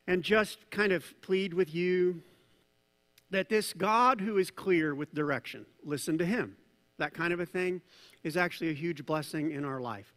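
Animated high-voiced male pastor preaching. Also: in a large hall. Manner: animated, conversational preaching with asides and jokes. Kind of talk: sermon. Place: church hall.

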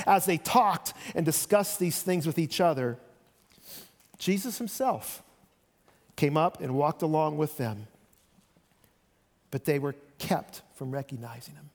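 Male pastor, higher voice, lively conversational sermon, echoing church hall. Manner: conversational, animated retelling with voiced quotes. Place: church sanctuary. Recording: long reverb of a church hall.

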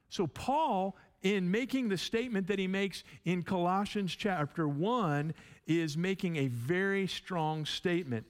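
A man teaching a sermon in a conversational way, often repeating words and checking in with his listeners. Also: high-pitched. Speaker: pastor.

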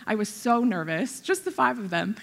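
A woman in her thirties preaches a sermon, with a slightly high voice that has a gravelly fry in it. She talks candidly and pokes fun at herself. Her voice rings out with a long reverb, as in a large hall. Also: big pitch swings, normal speed, a bit bright. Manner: candid storytelling, self-deprecating, frequent laughter and restarts.

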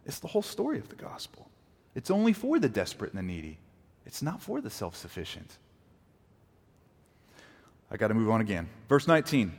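A man preaching a sermon as pastor, animated, acting out quoted apologies and arguments. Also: mid-range voice, brisk. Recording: long reverb of a large hall.

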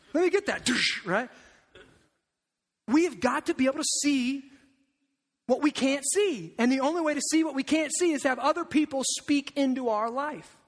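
Male pastor with a very high voice, animated and emphatic sermon delivery. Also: long reverb tail.

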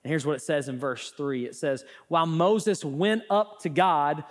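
A man preaching from the pulpit with a fairly high voice. His delivery swings between loud, lifted points and low, hushed asides. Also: moderate pace. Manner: animated, rising and falling emphasis. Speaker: pastor. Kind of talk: sermon.

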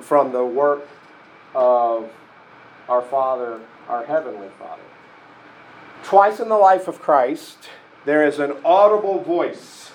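Slow-speaking man giving a sermon. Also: medium pitch, slight background noise, rough recording. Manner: slow, reflective, conversational with frequent restarts. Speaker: pastor and therapist.

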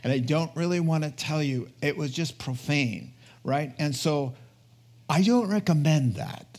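Earnest, chatty preacher man, higher voice. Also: animated, unhurried, darkish tone. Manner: earnest, chatty, checks in with "right?". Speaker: pastor. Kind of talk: conversational sermon.

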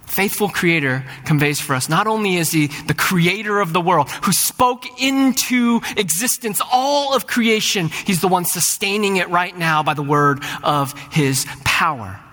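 A man's voice: sits high, a little slow, hardly any pauses, bright, forceful tone. Earnest preacher man in a reverberant hall. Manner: earnest, builds to fervent rising peaks; repeats words when starting a thought. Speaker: pastor. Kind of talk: sermon. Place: large church sanctuary.

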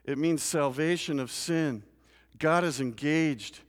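A man preaching a sermon in a church, moving from quiet scripture reading to loud, rising emphasis. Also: a little high, slow pace. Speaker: pastor. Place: church sanctuary. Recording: long church reverb.

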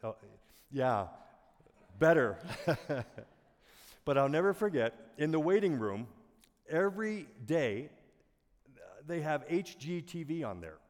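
A middle-aged man preaching a sermon as a pastor, earnest and soft-spoken, often dropping his voice almost to a whisper. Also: on the high side, very animated, measured pace, pauses often. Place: church auditorium. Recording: long hall reverb.

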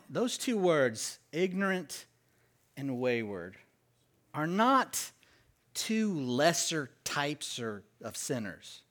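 This sermon comes from a man preaching slowly and with emphasis, his pitch rising and falling vividly. He draws the congregation into call-and-response and hits important words hard.

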